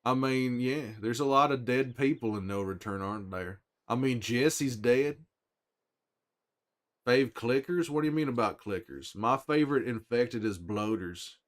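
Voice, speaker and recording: A man's voice: medium pitch, unhurried, close to an everyday voice. A man playing a weary middle-aged male survivor in character on a livestream, with a put-on drawl and a folksy, chatty way of talking to viewers. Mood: easygoing. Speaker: streamer in character.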